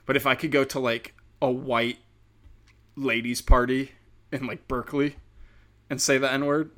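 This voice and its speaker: A man's voice: mid-range voice, level tone, measured pace, a bit bright. A man, a stand-up comedian with a speech impediment, riffing in a rambling, profane podcast monologue. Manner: rambling, profane, many fillers.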